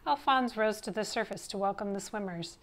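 A woman narrating a children's picture book, reading aloud in an expressive, steady way. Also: medium pitch, fairly quick. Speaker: storyteller.

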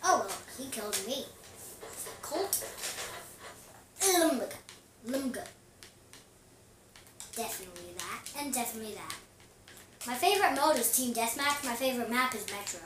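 A woman's voice: a little high, lively intonation, moderate pace, pauses often. A woman casually commenting on her own gameplay, chatty and giggly, talking to herself as she plays. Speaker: gaming vlogger. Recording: echoey room, distant mic, noisy.

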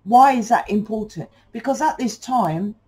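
A woman's voice: on the high side, animated, moderate pace, dark tone, slightly rough, low-quality recording. A British woman giving a casual spoken tarot reading, rambling and chatty and swearing now and then. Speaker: tarot reader.

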